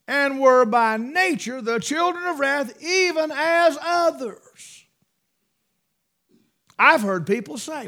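A man preaching a sermon in a folksy, emphatic way, swinging between loud bursts and hushed asides. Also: very high-pitched, lively intonation, a little slow.

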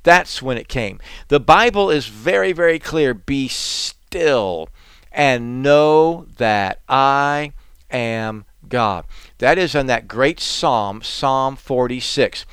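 Man preaching in an earnest smooth voice. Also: mid-range voice, lively intonation, slow, dry recording. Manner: earnest, conversational preaching with bursts of emphasis. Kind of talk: sermon.

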